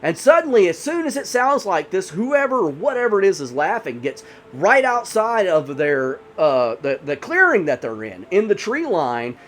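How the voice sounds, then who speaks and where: High, animated male horror storyteller. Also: normal speed, few pauses, faint music behind. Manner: rambling, many 'you know' fillers. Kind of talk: casual spoken horror storytelling.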